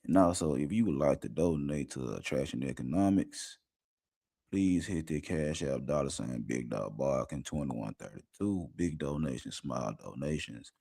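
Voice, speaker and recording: A man hosting a casual livestream show, rambling and slangy, talking a lot while high. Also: expressive, moderate pace, creaky, dark tone. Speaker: podcast host.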